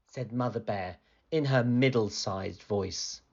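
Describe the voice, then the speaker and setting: A man reading a children's picture book aloud in an animated, expressive storytelling manner. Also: lowish voice, takes it slowly, highs cut off.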